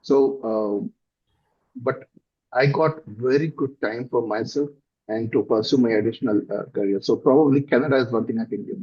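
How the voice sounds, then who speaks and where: Man, South Indian accent, middle-aged, husky, halting and thoughtful, lots of fillers, muffled lo-fi sound. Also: mid-range voice. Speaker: company director, guest. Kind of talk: conversational interview answers. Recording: dull lo-fi recording.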